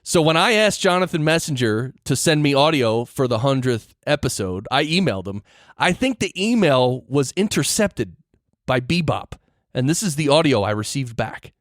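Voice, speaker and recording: A man hosting his podcast in a casual chat, easygoing and quick to laugh, with loose, filler-heavy phrasing. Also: medium pitch, big pitch swings, dry recording, studio quality. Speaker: podcast host.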